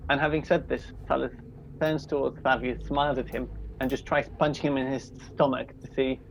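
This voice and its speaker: A wry, relaxed player at a tabletop game. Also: mid-range voice, a little fast, creaky, soft background music, low-quality recording. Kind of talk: casual chat.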